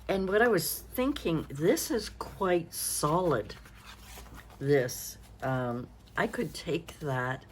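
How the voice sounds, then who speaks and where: A woman's voice: low voice, animated, slow, slight background noise. A woman in her sixties, chatting casually as a craft vlogger, rambling and thinking aloud, tired and yawning. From Canada. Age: 60s. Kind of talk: casual show-and-tell chat.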